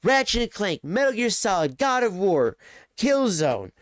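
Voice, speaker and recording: Profane, rambling male streamer with a high voice. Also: sing-song, measured pace, no echo, clean studio sound. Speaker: live streamer. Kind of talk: casual live-stream chat.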